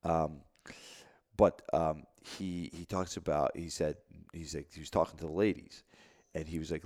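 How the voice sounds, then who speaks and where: A man in his thirties in casual chat, telling a story with many halting restarts. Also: very deep voice, fairly even intonation, a little mellow.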